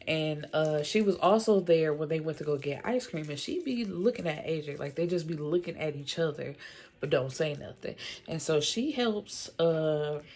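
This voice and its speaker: A woman with a low voice talks through a movie's plot in a loose, chatty way, leaning on "like" and "you know". She sounds opinionated and exasperated with the characters, tossing in slangy asides as she goes. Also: a little mellow. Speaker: movie reviewer. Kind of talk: casual movie recap.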